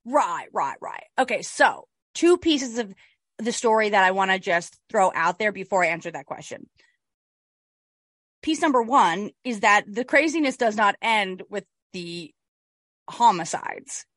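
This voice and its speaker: A woman's voice: mid-range voice, expressive, a little slow, a bit bright, no echo. A woman co-hosting a podcast, chatting casually and animatedly about a true-crime case, swearing and restarting often. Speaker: podcast co-host.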